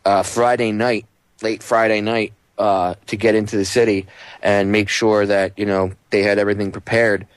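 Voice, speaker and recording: Chatty low-voiced guest radio host. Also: male voice, little pitch movement, normal speed, smooth, no room sound. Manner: joking, chatty. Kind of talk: casual talk radio hosting.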